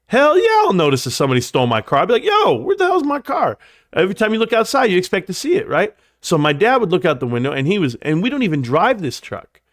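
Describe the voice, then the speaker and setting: Telling a long, meandering story on his livestream, a man speaks at a quick pace and gets animated, leaping high in pitch to act out quotes and sinking to quiet asides. The audio is studio quality with no echo.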